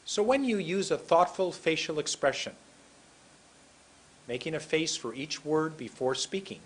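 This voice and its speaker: Husky man slowly drilling English words. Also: a little high, expressive, rough recording. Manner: slow, deliberate, drills single words aloud. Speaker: English pronunciation teacher. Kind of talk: recorded lesson.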